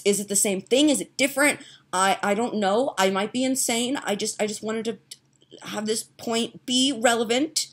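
A young woman talks to her camera at home in a loose, rambling vlog. Her voice sits a touch lower than most women's, and she is chatty and giggly, often poking fun at herself. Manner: chatty, giggly, self-mocking. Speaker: vlogger. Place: home, indoors.

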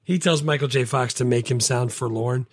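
A man's voice: medium pitch, normal speed, dry recording, clean studio sound. A man co-hosting a podcast in casual movie chat, animatedly acting out lines from a film in raised voices. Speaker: podcast co-host.

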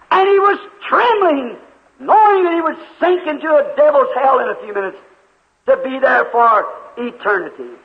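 Man, very high voice, preacher, dramatic storytelling sermon, tinny phone-like old tape, big hall reverb. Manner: dramatic storytelling, voicing the characters in his story, rising to shouts.

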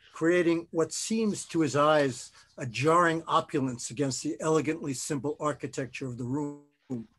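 A man, an author, reading his own novel aloud in a measured, expressive way. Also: fairly high pitch.

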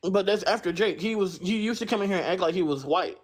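A man's voice: high-pitched, fast. A man in a casual live stream chat, chatty and amused, talking through a phone.

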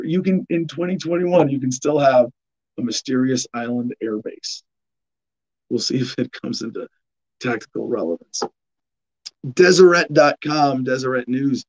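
A man's voice: medium pitch, gravelly, a little mellow, highs cut off. A man hosting a podcast, reading headlines and riffing on them sarcastically, with frequent restarts and laughs. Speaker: podcast host. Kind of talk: casual news commentary.

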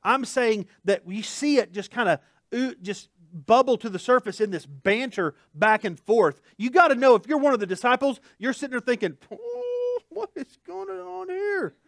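A man preaches a sermon in a loose, conversational way, tossing in jokes and asides as he goes. His voice sits high and swings widely in pitch. The sound is dry and close. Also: animated, normal speed, a bit bright, no room sound. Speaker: pastor. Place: church.

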